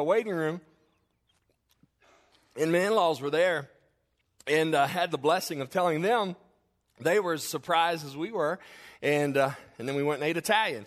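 A man's voice: a little high, a bit bright. A middle-aged man preaching a sermon as a pastor, telling stories with humor and speaking straight to the congregation. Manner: humorous storytelling, addresses the congregation directly.

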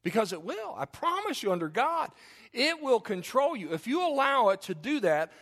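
A man's voice: extremely high pitch, big pitch swings, moderate pace, fairly bright tone. A middle-aged man preaching a sermon as pastor, folksy and conversational, with joking asides and frequent restarts.

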